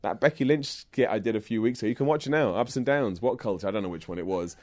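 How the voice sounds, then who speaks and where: A man's voice: lowish voice, fast, darkish tone. A man with a southern English accent, a guest in a casual interview, joking at his own expense and laughing often. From England. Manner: self-deprecating, jokey, laughs often. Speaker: guest, wrestling presenter. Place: indoors in person.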